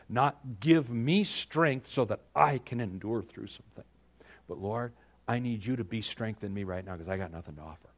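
A middle-aged man preaching a sermon, swinging from loud pleading outbursts to hushed, quiet lines with dramatic pauses. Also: on the low side. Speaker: pastor.

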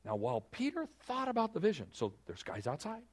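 A man's voice: high-pitched, brisk. A man preaching a sermon, retelling scripture in a conversational way and acting out the characters' lines. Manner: animated, conversational preaching that acts out biblical dialogue. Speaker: pastor.

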